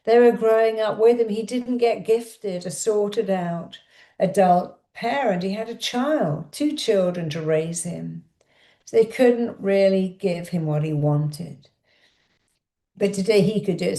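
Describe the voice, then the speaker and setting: A woman's voice: mid-range voice, a little slow, warm tone, reverberant. A woman leading a guided affirmation exercise as a self-help coach, giving emphatic, repetitive, coaxing instructions.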